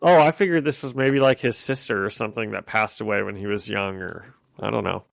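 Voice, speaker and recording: A man co-hosting a podcast in casual chat, excitable and quick to laugh. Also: on the low side, vocal fry, no echo. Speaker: podcast co-host.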